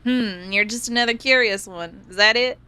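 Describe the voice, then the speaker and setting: A woman's voice: on the high side, moderate pace, pushed and bright, clean tone. A woman reading as a wary, blunt villager.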